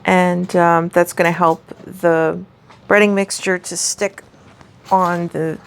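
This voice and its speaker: A woman's voice: lowish voice, flat delivery, takes it slowly, creaky. A woman casually walking through a home cooking recipe, chatty and rambling with lots of fillers. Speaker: home cook showing a recipe.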